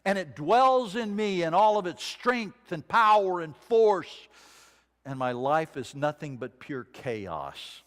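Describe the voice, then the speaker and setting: A man preaching a sermon, reading scripture dramatically and dropping to a hush for quoted lines. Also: sits high, very animated, takes it slowly. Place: church sanctuary. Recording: long reverb of a church sanctuary.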